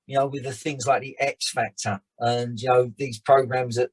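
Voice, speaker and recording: Husky, animated man. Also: mid-range voice, moderate pace, rough recording. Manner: animated storyteller, rambling restarts. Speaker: podcast guest, actor and director. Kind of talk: casual chat.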